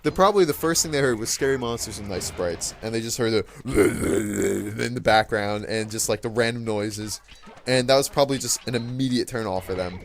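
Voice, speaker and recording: A teenage boy chats through a casual rant while he plays a game. His voice sits at an ordinary middle pitch, and he stumbles over his words and restarts them as if puzzled. Soft game music plays faintly behind him. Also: fairly quick. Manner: rambling, many fillers and restarts, puzzled tone. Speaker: gaming channel host.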